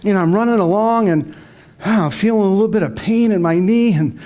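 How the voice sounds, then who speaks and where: A man's voice: high-pitched, brisk, warm tone. A middle-aged man giving a motivational talk to a live audience, telling a story and acting out his own inner dialogue. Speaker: motivational speaker.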